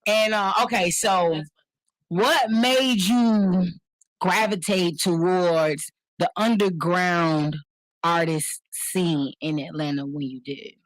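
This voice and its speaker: A woman co-hosting a radio show, asking questions in a relaxed way and laughing often. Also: lowish voice, takes it slowly, no room sound, poor audio. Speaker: co-host. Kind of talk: casual radio interview. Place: radio studio.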